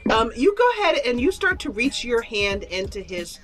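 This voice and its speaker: A woman's voice: a little high, sing-song, moderate pace, a bit bright, soft background music. A woman narrating as game master of an online tabletop fantasy game, chatty with many fillers and laughs, on a desk microphone.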